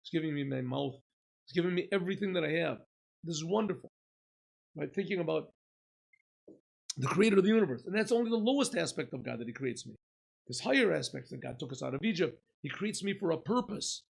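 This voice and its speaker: Male rabbi, lecture, animated storytelling, slightly high voice, gravelly. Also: a little fast, low-quality recording. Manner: animated storyteller, acting out dialogues. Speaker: rabbi teaching Chassidus. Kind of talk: lecture with acted-out parable.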